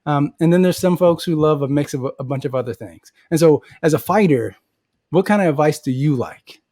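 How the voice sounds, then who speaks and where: A man hosting an interview, talking in a relaxed, chatty way and asking questions. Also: fairly high pitch, fairly quick, no echo, clean studio sound. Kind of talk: casual interview.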